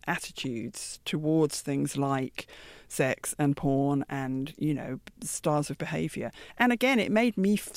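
A British woman in her fifties, a singer answering interview questions in a deep, thoughtful, soft-spoken way. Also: no echo. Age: 50s. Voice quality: deep, gravelly. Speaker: guest singer.

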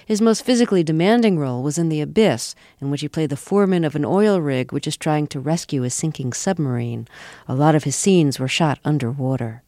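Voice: mid-range voice, animated, fairly quick, dark tone, no echo. An interviewer with a mid-range voice poses curious, prompting questions to a guest. The recording is dry. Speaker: interviewer host.

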